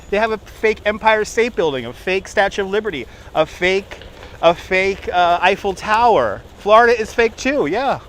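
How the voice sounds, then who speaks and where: A man's voice: high voice, fairly bright tone, slight background noise. A chatty man in his forties live-streaming a walking tour outdoors on a handheld phone, often laughing at his own jokes. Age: 40s. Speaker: livestreaming walking tour guide. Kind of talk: casual live-stream chat to viewers. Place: outdoors on city streets and a park. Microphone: phone on a handheld gimbal.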